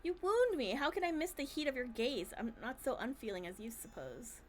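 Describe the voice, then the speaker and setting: A woman's voice: high-pitched, very animated, brisk, slight background noise. A woman voicing an arrogant, spoiled young heir who talks down to everyone. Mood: smug. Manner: haughty, smug, condescending.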